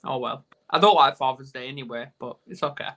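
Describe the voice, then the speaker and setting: A man's voice: mid-range voice, a little fast, gravelly, fairly bright tone. A man with a Northern English accent hosting a casual live video chat, joking and rambling in a self-deprecating way. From England. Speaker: host. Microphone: video call.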